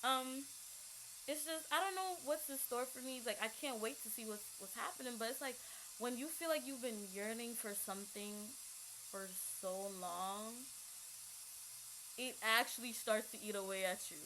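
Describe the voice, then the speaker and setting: A woman's voice: a little high, moderate pace. A woman in her twenties ranting casually to camera at home, rambling with slang and lots of fillers. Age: 20s. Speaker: vlogger. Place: room at home with a hissing radiator. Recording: faint radiator hiss behind.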